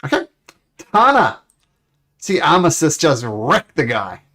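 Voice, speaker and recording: A man's voice: on the high side, wildly swooping pitch, takes it slowly, bright, forceful tone. A man narrating as game master, rambling along with self-corrections.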